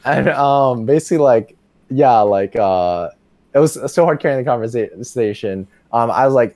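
A young man telling a rambling story as a podcast guest, full of "like" and quick laughs. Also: mid-range voice, animated, a little mellow, no echo. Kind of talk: casual storytelling chat.

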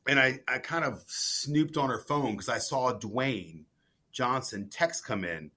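A man being interviewed about his cookbook, telling stories in a rambling, excitable way with many restarts, and he sounds jet-lagged. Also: mid-range voice, measured pace. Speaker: cookbook author guest. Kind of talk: casual podcast interview.

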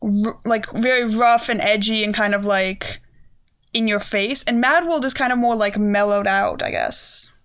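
A woman's voice: mid-range voice, a little slow, a bit bright, smooth. A young woman co-hosting a home podcast, rambling with lots of fillers and joking at her own expense. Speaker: podcast co-host. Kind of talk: casual chat.

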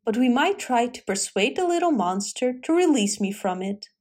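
A woman's voice: a little high, big pitch swings, normal speed, darkish tone. A woman voicing a weary, subdued old king. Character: troubled old king, weary and honour-bound.

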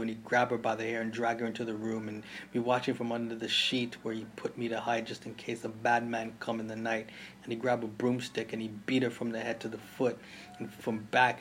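A man's voice: medium pitch, monotone, brisk, a little hiss or hum. A man with a Jamaican accent narrating a story in first person, intense and vivid, voicing the sounds of gunfire. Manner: intense, mimics gunshot sounds. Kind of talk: audiobook narration.

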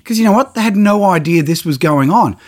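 Man, fairly high voice, animated storyteller who acts out every quote. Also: brisk. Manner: lively, exaggerated, acts out quotes with big pitch jumps. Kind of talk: animated anecdote.

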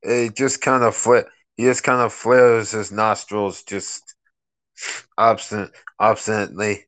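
A man's voice: lowish voice, flat delivery, a little slow, a bit bright, no room sound. Man player describing his character's actions. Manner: hesitant, restarting narration of his character. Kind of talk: tabletop game play.

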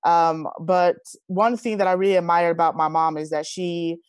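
A woman's voice: on the low side, moderate pace, smooth, dry recording, clean studio sound. A woman in her thirties, a guest in an interview, telling personal stories in an earnest, heartfelt way. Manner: earnest, heartfelt, animated retelling. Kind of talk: personal storytelling in conversation.

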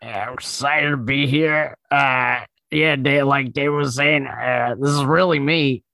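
A man doing a comic impression of a laid-back young male comedian, raspy and halting, full of fillers. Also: medium pitch, fairly even intonation, pushed and bright, no room sound. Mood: deadpan. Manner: halting, full of "uh" and "you know".

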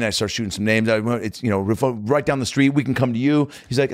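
A man, a comedian hosting a podcast, telling stories in a casual, animated way and swearing freely. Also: mid-range voice, fast talker, hardly any pauses, no room sound, clean studio sound. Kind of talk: casual chat storytelling.

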